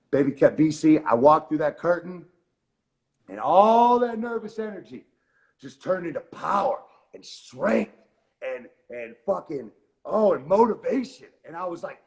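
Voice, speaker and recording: A man's voice: fairly high pitch, unhurried. A man being interviewed, telling a story casually, cursing often and saying "like" a lot, with a Southern Californian accent. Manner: profane, excitable, lots of "like" and "man". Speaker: guest wrestler.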